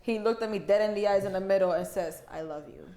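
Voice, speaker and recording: A woman's voice: medium pitch, fast talker, warm tone. A woman co-hosting a podcast, chatting casually in a blunt, crude, joking way. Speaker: podcast co-host. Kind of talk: casual chat. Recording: echoey room.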